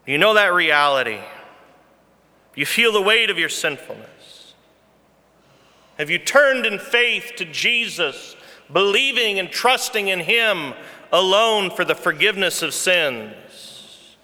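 Earnest pastor with a bright voice. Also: male voice, sits high, lively intonation, slow. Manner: earnest, emphatic, repeats key phrases. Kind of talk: sermon. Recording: long reverb from a large hall.

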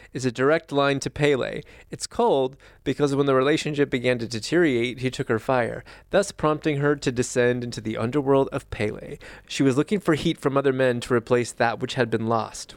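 Male podcast co-host, mid pitch, dry close sound, reads listener mail with amused ease. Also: moderate pace, dry recording. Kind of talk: casual chat and reading a listener email aloud.

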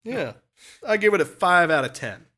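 A man co-hosting a casual podcast, a little sick and hoarse, rambling and laughing as he talks. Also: high voice, sing-song, moderate pace, sharp tone. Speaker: podcast co-host.

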